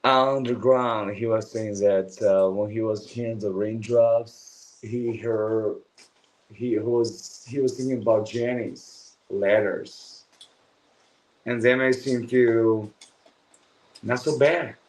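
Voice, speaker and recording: Sleepy low-voiced man. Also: fairly even intonation, slow pace, darkish tone, rough recording. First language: Chinese. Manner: drowsy, slangy, swears casually. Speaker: livestream host. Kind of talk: late-night livestream chat.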